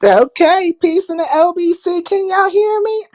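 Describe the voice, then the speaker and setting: A woman's voice: extremely high pitch, a little slow, a little mellow. A woman hosting a casual livestream, ranting bluntly with plenty of profanity and stopping to greet viewers by name. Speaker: livestream host.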